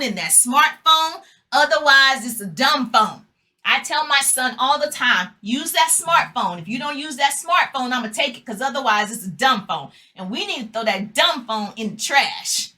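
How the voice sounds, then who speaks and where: A woman's voice: high-pitched, bright, forceful tone. A middle-aged woman giving an emphatic motivational talk, leading her audience in repeated call-and-response affirmations. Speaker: motivational speaker.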